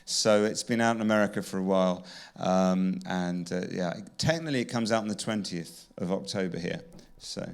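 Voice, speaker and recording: A man's voice: low-pitched, normal speed, gravelly, few pauses. Wry English man reading his own book. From England. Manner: wry, self-deprecating humour. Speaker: author. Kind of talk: launch event conversation and reading aloud.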